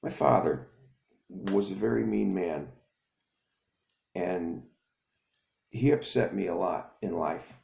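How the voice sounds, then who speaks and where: A remorseful middle-aged father , put on by a preacher, speaks in a halting, confessional way. His voice is low and gravelly, with a mellow tone. It sounds like an echoey room. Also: heavily acted.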